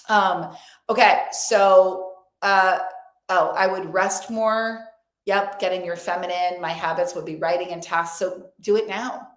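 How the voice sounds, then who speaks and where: A young adult woman hosting a live-streamed motivational event as a coach, talking emphatically and effusively and repeating affirmations. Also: on the low side. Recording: roomy echo.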